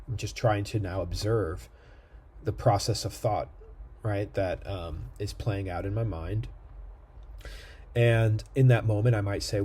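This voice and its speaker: A man's voice: fairly low pitch, unhurried, mellow, husky. A man giving a recorded lecture in a conversational way, thinking aloud with fillers and checking in with "right?".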